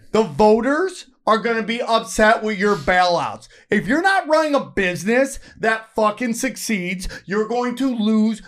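A man's voice: extremely high pitch, a bit bright. A man in casual chat, ranting bluntly and swearing.

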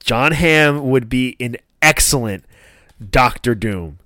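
A man co-hosting a casual chat, animated and enthusiastic, laughing often. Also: mid-range voice, slow pace, no room sound. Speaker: podcast co-host.

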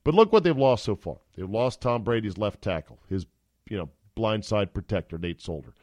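A man's voice: fairly low pitch, expressive, normal speed, darkish tone, dry recording. A middle-aged man hosting a sports podcast, delivering an opinionated, jokey monologue. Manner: opinionated, jokey, acts out quotes.

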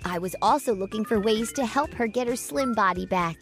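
A woman with a high voice reads a first-person tale with dramatic, emotive expression. Soft music plays faintly behind her narration. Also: fairly quick. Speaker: storyteller.

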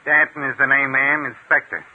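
An actor playing a blunt, excitable police inspector who talks in slang, in 1940s radio style. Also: male voice, mid-range voice, a little fast, natural voice. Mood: gruff. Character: gruff tough-talking male police inspector. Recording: tinny lo-fi old radio broadcast.

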